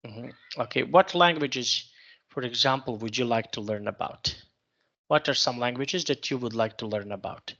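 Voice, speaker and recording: A male teacher runs an online English lesson in a bright, gravelly voice, patiently restating every question until the student can answer. The sound is dull and lo-fi, like a call recording. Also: mid-range voice, moderate pace. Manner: patient, repeats and rephrases questions.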